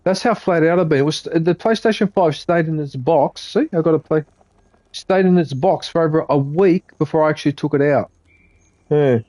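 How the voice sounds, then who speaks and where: A man's voice: a little high, moderate pace, mellow, dry recording. A man with an Australian accent chatting casually to his live-stream viewers while he plays a game. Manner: rambling, chatty, talks to viewers between game remarks.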